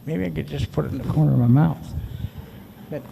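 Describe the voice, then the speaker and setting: A man's voice: a little high, fairly even intonation, fairly quick, vocal fry, dark tone. A man speaking at a conference, telling a personal story in a folksy, chatty way into a handheld mic. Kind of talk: storytelling talk. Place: large conference hall. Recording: reverberant hall, faint noise.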